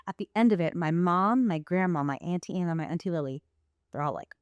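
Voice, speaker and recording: Animated woman telling a family story. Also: fairly low pitch, fast, dry recording, highs cut off. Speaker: podcast guest, playwright and performer. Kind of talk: casual storytelling in a podcast interview.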